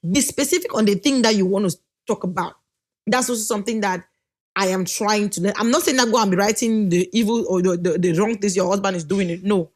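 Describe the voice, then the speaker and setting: A woman with a naturally loud voice, giving casual marriage advice to the camera, animated, laughing often and slowly drawing out her key points. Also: mid-range voice. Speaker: wife giving marriage advice, channel co-host.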